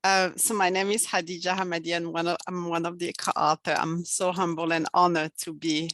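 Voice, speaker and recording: A woman co-author speaking gently and earnestly over a video call at an online book launch, often repeating words as she goes. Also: fairly low pitch, flat delivery, brisk, dry recording. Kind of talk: speech at online event.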